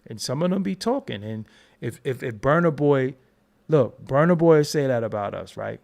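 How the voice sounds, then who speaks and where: An American man hosting a commentary channel, talking in an animated, emphatic and profane unscripted rant. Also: medium pitch, moderate pace, gravelly. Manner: animated, emphatic, profane, talks over repeated restarts.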